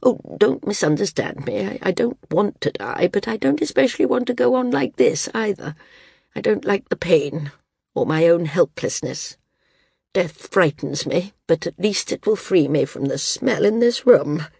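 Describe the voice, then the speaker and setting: Woman reading as a frail, dying old woman, husky and low. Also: lively intonation, normal speed, no room sound, studio quality, full character voice. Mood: weary. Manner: frank, weary, gently firm.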